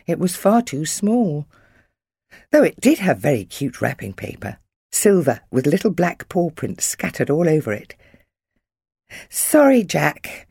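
Husky, expressive woman reading a storybook. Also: sits low, no room sound, clean studio sound. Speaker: audiobook reader. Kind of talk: scripted audiobook narration.

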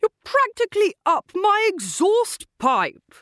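A woman voicing an indignant grown man shouting angrily at his brother in an audiobook. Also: very high voice, huge pitch swings, slow, dry recording, studio quality, pitched above the performer's own voice, exaggerated voice. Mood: furious.

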